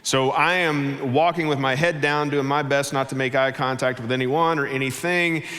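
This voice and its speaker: A man's voice: medium pitch, normal speed. A middle-aged man, a guest pastor telling stories humorously in a sermon in a church auditorium. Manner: humorous, animated storytelling. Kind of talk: sermon with storytelling. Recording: church hall reverb.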